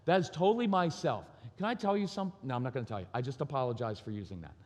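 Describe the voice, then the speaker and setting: A middle-aged man giving a lively, self-deprecating parenting talk at a live conference, telling stories and acting out voices. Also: mid-range voice, rapid-fire. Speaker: parenting speaker. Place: large hall at a live conference. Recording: long reverb of a large hall.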